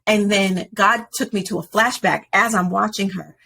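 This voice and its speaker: A woman in her forties, a podcast guest, telling a personal story in an animated way. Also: mid-range voice, moderate pace, vocal fry, slight background noise. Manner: animated storyteller, acts out quoted voices.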